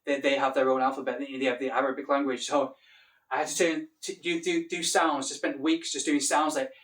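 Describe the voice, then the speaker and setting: A man's voice: mid-range voice, level tone, fairly quick, fairly bright tone, recorded from a distance. A man with a Mancunian accent, an English teacher talking casually to camera, rambling and restarting his sentences. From Manchester, England.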